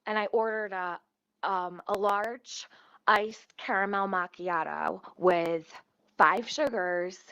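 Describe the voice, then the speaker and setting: A woman's voice: mid-range voice, a bit bright, no echo. A woman telling a story in a casual, profane rant, swearing often, recorded at home in her kitchen. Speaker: vlogger. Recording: muffled dry home recording.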